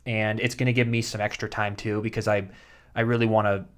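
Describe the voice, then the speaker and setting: Man, 30s, casual podcast co-host, lowish voice, halting and rambling, lots of restarts. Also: level tone, a bit bright. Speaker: podcast co-host and soap actor. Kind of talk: casual chat.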